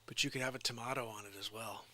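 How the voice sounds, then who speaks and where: A man's voice: medium pitch, fairly even intonation, quick pace, sharp tone. A man rambling in a jokey, drifting monologue as a vlogger.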